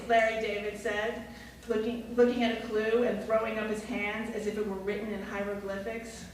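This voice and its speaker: A woman's voice: mid-range voice, level tone, normal speed, recorded from a distance, slight background noise. A woman reading a personal essay aloud to an audience at a live event, in a dry, wry way. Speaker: storyteller. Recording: echoey room, mic heard from afar.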